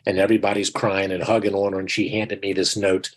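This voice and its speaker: A sixties-aged dentist lectures online in a low, level voice, talking fast with hardly any pauses over a low-quality recording. He's folksy and earnest, tells personal stories, and often calls his listeners friends.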